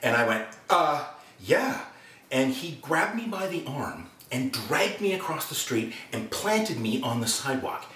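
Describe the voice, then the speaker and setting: A man tells an anecdote, his pitch jumping around as he acts out the quotes. The room sounds roomy, and he sits set back from the mic. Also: very animated, normal speed, few pauses, a bit bright, distant mic, a little hiss or hum. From Canada. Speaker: actor. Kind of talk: anecdotal storytelling.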